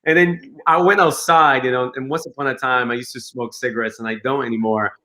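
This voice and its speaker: Bright, animated male storyteller. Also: medium pitch, brisk. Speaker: guest, company co-founder. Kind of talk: casual interview chat.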